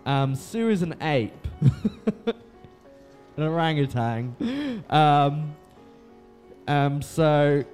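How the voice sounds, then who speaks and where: A man's voice: fairly high pitch, big pitch swings, drawn-out words, pauses often, a little mellow, soft background music. A young man recapping a book in a loose, rambling way, swearing freely and filling gaps with ums and likes. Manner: swears freely, lots of fillers.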